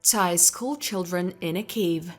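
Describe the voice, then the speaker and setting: A woman reading a scripted documentary narration in an even, measured way. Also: on the low side, soft background music.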